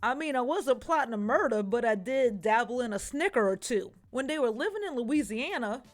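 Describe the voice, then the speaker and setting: Woman host with a high voice, sassy true crime storyteller, cussing jokes, faint music behind. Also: expressive, brisk. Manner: sassy and profane, with comic asides. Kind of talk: casual true crime commentary.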